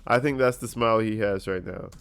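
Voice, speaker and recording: A man's voice: on the low side, fairly quick, vocal fry, clean tone. Man giving profane reaction commentary. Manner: profane, joking, animated asides.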